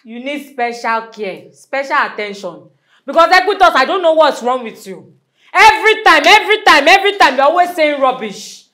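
A woman's voice: high voice, big pitch swings, moderate pace, full character voice. A woman playing a strict, scornful schoolteacher in a comedy sketch, scolding with a Nigerian accent. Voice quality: scolding, sharp and mocking.

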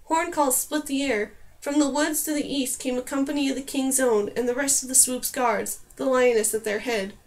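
A woman narrating a fantasy novel aloud as an audiobook, in a steady storytelling voice. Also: high-pitched, normal speed, hardly any pauses.

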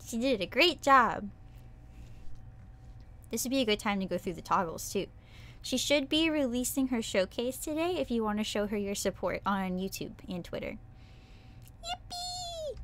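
A woman's voice: on the high side, expressive, normal speed, fairly bright tone. A woman streaming as a VTuber, chatting casually and playfully with her viewers, breaking into squeals and cutesy sound effects. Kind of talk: casual livestream chat.

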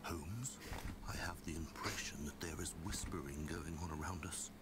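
An actor voicing a loyal, earnest male sidekick in a video game, speaking in a hushed way. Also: fairly low pitch, expressive, slow, very noisy.

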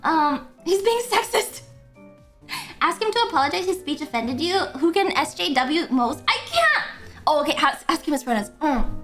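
A young woman chats her way through a game stream, excitable and quick to laugh, swearing and stammering as she reacts. Her voice sits very high and swoops all over. Its tone is bright and sharp, with faint game music playing underneath. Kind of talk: casual game-stream chat.

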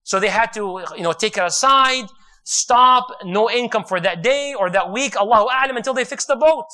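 A man preaching a sermon, retelling a story in an animated way and joking and laughing with his audience. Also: extremely high pitch, moderate pace.

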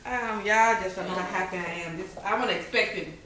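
A mother in her home, chatting excitedly and laughing with delight, recorded on a handheld phone. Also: mid-range voice, a little fast, roomy sound, noisy background. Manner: exclaiming, laughing, overjoyed. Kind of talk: excited casual home chat. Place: family home indoors.

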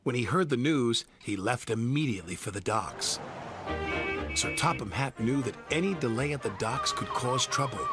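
A man narrating a children's train story in a lively read-aloud manner. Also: mid-range voice, normal speed. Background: background music.

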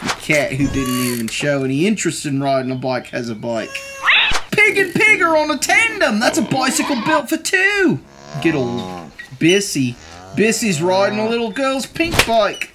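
A woman reading children's picture books aloud in a slow, animated way, adding her own asides. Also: medium pitch, noisy background. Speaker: storybook reader.

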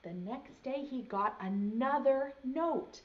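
A young woman, a preschool teacher, reads a picture book aloud at a slow, patient pace. She pauses often to ask the little ones questions. The recording sounds dull and lo-fi. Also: medium pitch. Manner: gentle, asks children questions as she reads. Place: home video lesson.

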